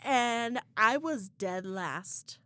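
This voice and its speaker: A woman's voice: a little high, lively intonation, drawn-out words, sharp tone, no echo. A young woman co-hosting a podcast, candidly retelling a painful breakup and acting out the dialogue. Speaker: podcast co-host. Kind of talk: casual chat, storytelling.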